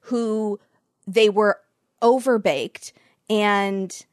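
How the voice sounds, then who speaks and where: A woman co-hosts a podcast, chatting casually about a baking show. She laughs often and acts out what people said. Her voice sits at a middle pitch and sounds close and dry. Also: fairly even intonation, very slow, dry recording. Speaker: podcast co-host. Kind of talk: casual chat recapping a show.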